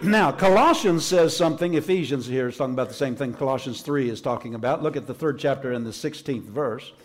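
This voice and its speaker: A man's voice: mid-range voice, a little fast. A man preaching a Pentecostal sermon in a church service, fervent and emphatic, repeating his key phrases for weight. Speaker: pastor.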